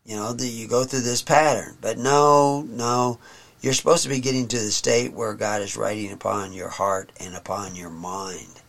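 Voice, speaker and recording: A man teaching from the Bible, reading verses slowly and solemnly and then explaining them in plain talk. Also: fairly low pitch, steady tone, creaky, a bit bright.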